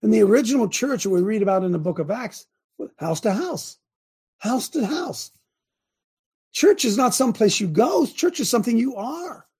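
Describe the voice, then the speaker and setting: A man's voice: high-pitched, animated, quick pace, few pauses, mellow, slightly rough. An older man hosting a show, preaching in a fervent, rambling way full of restarts. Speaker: host and preacher. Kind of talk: preachy livestream talk.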